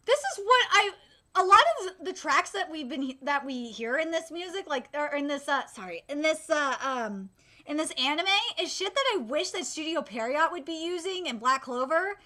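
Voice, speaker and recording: A woman in her late twenties giving live reaction commentary on an anime, gushing and excitable, bursting into loud shrieks and swearing freely. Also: sits high, moderate pace.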